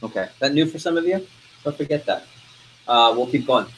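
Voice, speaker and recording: An energetic man leads a sales training class, tossing quick questions at the room and pushing the group to respond. His voice sits at a typical middle pitch, and a faint hiss runs under the recording. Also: poor audio. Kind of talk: interactive training talk.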